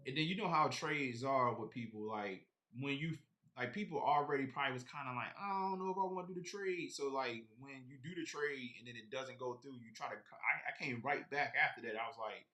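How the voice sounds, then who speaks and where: A man's voice: mid-range voice, a little fast, pushed and bright. Rambling man chatting on a live stream. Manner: rambling, talks straight to viewers. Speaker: sneaker collector streamer. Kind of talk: casual live-stream chat.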